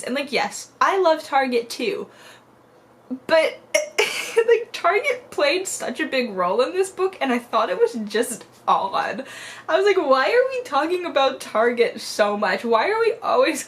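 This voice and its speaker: Chatty young woman reviewing a book. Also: a little high. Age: young adult. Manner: chatty, lots of "like", animated quoting. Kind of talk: casual chat.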